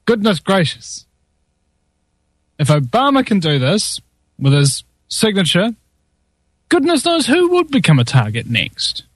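A man's voice: on the high side, dry recording, studio quality. A man with a New Zealand accent hosting a talk show, joking and sarcastic in casual chat. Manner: jokey, sarcastic, often laughing.

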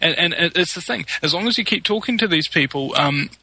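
A man's voice: on the high side, expressive, brisk, sharp tone, breathy edge, rough recording. A man in casual chat, indignantly reading out hostile messages with frequent fillers.

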